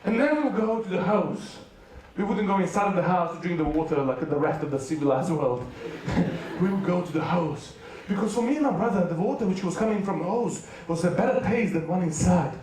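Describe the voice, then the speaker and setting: High-voiced preacher in an echoey hall. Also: male voice, fairly quick, few pauses, a little hiss or hum. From United Kingdom. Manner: animated, acts out voices, laughs often. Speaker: youth preacher. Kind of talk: storytelling sermon. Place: large hall at a school rally. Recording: echoey hall, distant mic.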